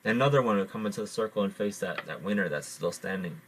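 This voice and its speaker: A man telling a traditional animal story, halting often and repeating his words. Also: fairly low pitch, expressive, fairly bright tone, slight background noise. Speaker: podcast host. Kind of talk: oral storytelling.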